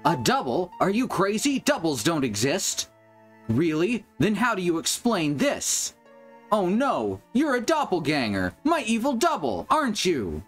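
A man doing a shrill, panicky young boy. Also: huge pitch swings, a little slow, faint music behind, heavily acted. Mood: panicked. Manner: shrill and frantic.

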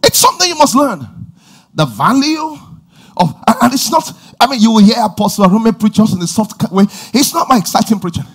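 A man preaching a sermon, his voice high and slightly husky. His pitch swings widely as he shouts, drawls key words and repeats his lines with emphasis. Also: very animated, brisk. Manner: repeats phrases and calls out praise. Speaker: pastor.

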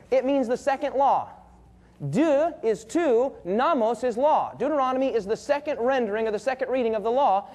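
A man preaching a sermon to a congregation, reading scripture aloud and pausing so the listeners fill in the missing words. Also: very high voice, a little mellow. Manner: reads scripture aloud, emphatic. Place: church.

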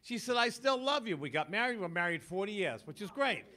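Stand-up comic, male, sixties, high and bright, punchy one-liners. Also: sing-song, brisk, slight background noise. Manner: punchy joke delivery, bursts into loud sung parody. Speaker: stand-up comedian. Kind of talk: stand-up comedy set.

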